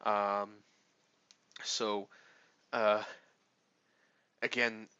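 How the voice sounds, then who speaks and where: A man's voice: fairly low pitch, flat delivery, extremely slow, pushed and bright, smooth, no room sound. A man rambling through casual game commentary, swearing often and full of fillers and restarts. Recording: dull lo-fi, dry sound.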